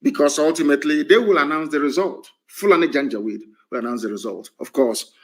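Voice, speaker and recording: A middle-aged man speaking in a fiery, emphatic political broadcast. His voice sits a little high for a man, and he hammers home points with repeated phrases. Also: quick pace. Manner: fiery, emphatic, rhetorical repetition. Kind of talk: live political broadcast speech.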